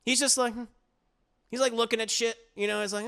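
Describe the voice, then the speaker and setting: A male anime reviewer recapping an episode in a loose, animated way, swearing freely and leaning on fillers. His voice is gravelly, with a bright, forceful edge. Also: extremely high pitch, fairly quick. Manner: animated and profane, with frequent fillers.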